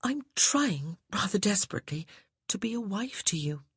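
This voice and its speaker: An earnest young bride pleads and insists in a lifted, slightly husky voice, as a man puts her on. Her words often sink to a breathy hush in a dry, close audiobook recording. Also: high-pitched, expressive, moderate pace, dry recording, voice pushed up. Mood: pleading. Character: determined young noblewoman bride. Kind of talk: audiobook character voice.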